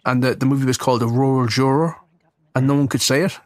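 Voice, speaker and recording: A man's voice: mid-range voice, fairly even intonation, quick pace, no echo. A man co-hosting a film commentary podcast in casual chat, rambling and self-deprecating, and he swears freely. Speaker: podcast co-host and screenwriter.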